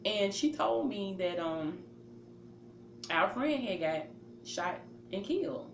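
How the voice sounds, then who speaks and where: A woman with a medium-pitched, animated voice speaks slowly as she casually tells a personal story, acting out her own reactions and relying on fillers along the way. The recording sounds roomy, with faint ambient noise.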